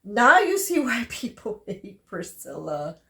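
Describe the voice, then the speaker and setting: A woman's voice: medium pitch, very animated, takes it slowly, gravelly, a bit bright. A woman co-hosting a casual book discussion, speaking frankly and emphatically as a mother and often talking over her co-host. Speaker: podcast co-host. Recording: roomy echo.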